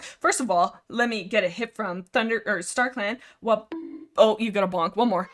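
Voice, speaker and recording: A young woman from Canada hosting a casual livestream chat about books, rambling and animated, reading chat aloud. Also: mid-range voice, a little fast. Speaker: livestream host.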